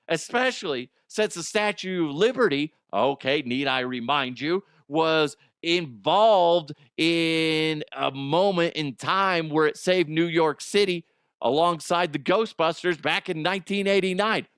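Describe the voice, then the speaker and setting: A middle-aged man hosting a comedic podcast monologue, telling stories animatedly and jumping into loud high exclamations. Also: unhurried, clear, resonant tone, no room sound, clean studio sound. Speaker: podcast host.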